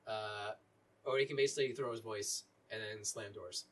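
A man running a tabletop game as dungeon master, narrating in a relaxed, halting way with many fillers. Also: lowish voice, a little hiss or hum. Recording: voice a little distant from mic.

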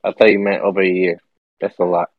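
Low-voiced man, dull lo-fi sound. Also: little pitch movement, fast. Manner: hesitant, repeats words. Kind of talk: casual chat.

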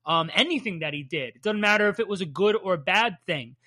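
Bright-voiced, candid comic podcast co-host. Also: medium pitch, lively intonation. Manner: measured, candid, playfully sarcastic. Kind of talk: casual chat.

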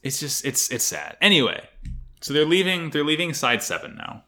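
A man's voice: on the high side, normal speed. A man co-hosting a casual podcast, recapping an anime episode with jokes, swearing and frequent laughter. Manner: animated, laughs often, swears, jokey. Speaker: podcast co-host.

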